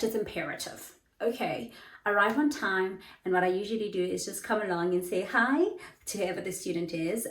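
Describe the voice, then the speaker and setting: A woman's voice: mid-range voice, reverberant, low-quality recording. Bubbly woman tutor. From South Africa. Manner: bubbly, lively, acts out dialogues. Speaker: online English tutor. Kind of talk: casual teaching advice vlog.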